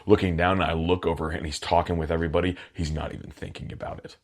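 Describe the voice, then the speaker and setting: A man's voice: low voice, little pitch movement, fast. A man co-hosting a podcast, telling funny stories in casual chat, acting out quotes and laughing often. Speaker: podcast co-host.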